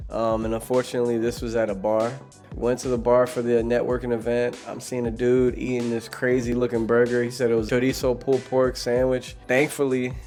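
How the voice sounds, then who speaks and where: A man's voice: medium pitch, darkish tone. A young man casually telling a story, laid-back and slangy, with light music behind. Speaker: vlogger.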